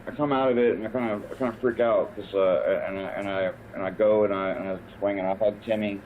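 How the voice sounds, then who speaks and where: A man playing in a tabletop game, talking in a halting way and repeating himself. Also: on the low side, fairly even intonation, a little hiss or hum. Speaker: player. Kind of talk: tabletop role-play chat. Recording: tinny phone-like line.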